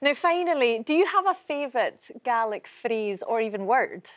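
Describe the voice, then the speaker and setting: A woman hosting a language programme, bright and bilingual. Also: fairly high pitch, moderate pace. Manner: bright, lively, switching between languages. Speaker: host. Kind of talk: studio presenting.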